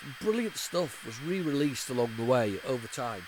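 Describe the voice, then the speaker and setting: A man's voice: mid-range voice, expressive, moderate pace, background noise. A man in his forties, hosting a retro gaming channel, rambling and nostalgic, with frequent stammering restarts and repeated words. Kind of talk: casual off-the-cuff commentary while loading a tape.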